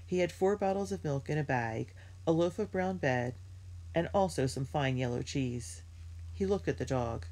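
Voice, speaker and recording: A woman reading a children's storybook aloud in a steady, clear storytelling manner. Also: deep voice, moderate pace. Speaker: reader.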